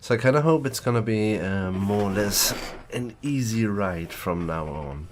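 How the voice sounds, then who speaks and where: A man's voice: on the low side, lively intonation, moderate pace, noisy background. A man with a groggy just-woke-up voice, rambling casually while streaming a game. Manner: rambling, loose, swears casually. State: groggy morning voice. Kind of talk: casual gaming stream chat.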